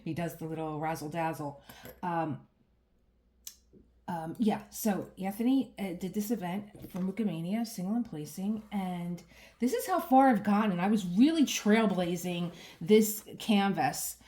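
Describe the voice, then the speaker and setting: Speaking a little slowly in a warm, fairly low voice, a middle-aged woman chats while doing crafts at home for her diamond painting vlog. She rambles and restarts sentences, with fillers and laughter throughout.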